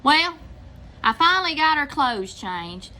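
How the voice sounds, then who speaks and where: A woman's voice: high-pitched, big pitch swings, unhurried, pushed and bright. An older woman with a Southern US accent, casually telling a long story to her viewers and acting out what people said. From Mississippi, US. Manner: chatty, drawling, acts out quotes. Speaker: channel host telling a story.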